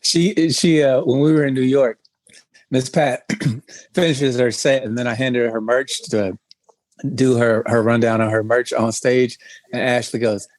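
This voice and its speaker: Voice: medium pitch, fairly even intonation, unhurried, a little mellow, dry recording. A podcast co-host chatting casually, joking along with the host. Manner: laid-back, jokey. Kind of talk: casual chat.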